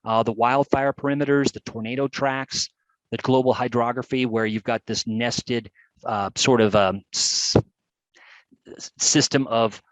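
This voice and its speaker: A man presenting a live webcast, talking through examples with chatty enthusiasm and lively emphasis. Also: medium pitch, unhurried, no room sound, poor audio.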